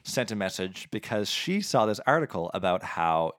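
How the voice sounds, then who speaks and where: Podcast guy chatting, rambly, says um a lot, pitch bounces around. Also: very animated, normal speed, a bit bright, a little hiss or hum. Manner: rambling, lots of "um"s. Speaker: podcast co-host. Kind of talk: casual chat.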